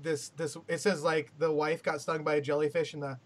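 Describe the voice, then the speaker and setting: Laughing, swearing podcast host. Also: male voice, fairly high pitch, flat delivery, brisk. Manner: laughing, profane, joking. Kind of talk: casual chat.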